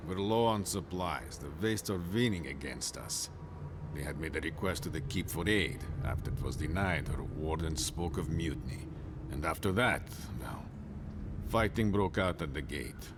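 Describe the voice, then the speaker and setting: A man's voice: rumbling low, expressive, normal speed, noisy background. An actor playing a weary male warden captain bound by his oath, speaking solemnly and measuredly, trailing into near-whispers.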